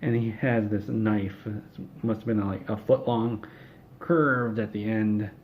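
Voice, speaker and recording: Low-voiced man rambling through an absurd tale. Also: fairly even intonation, takes it slowly, phone-quality sound, a little hiss or hum. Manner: rambling, offhand, with fillers and restarts. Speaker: storyteller. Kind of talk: comedic absurd storytelling.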